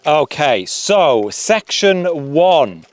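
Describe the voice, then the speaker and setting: A man announces prize winners at an outdoor event, joking and relaxed. He speaks slowly with a fairly high voice. Faint background noise is present. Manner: jokey, laughing, relaxed. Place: outdoors at a fishery.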